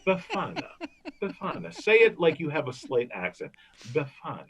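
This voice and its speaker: A man's voice: on the high side, very animated, fairly quick, crowd noise. A man hosting a comedy podcast, telling rambling jokey stories. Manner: joking, rambling storyteller. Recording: dull lo-fi recording.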